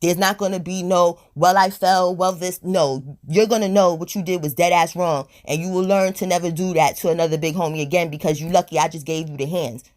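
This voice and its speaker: A woman telling a storytime on her vlog in a blunt, profane, animated way, a little high and tipsy. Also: a little fast, few pauses. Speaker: storytime vlogger. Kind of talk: casual storytime monologue.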